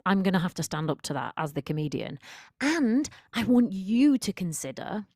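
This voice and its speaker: A woman's voice: medium pitch, big pitch swings, normal speed, darkish tone, no room sound, clean studio sound. A woman confidence coach talking through a solo podcast episode in an emphatic, direct, conversational way.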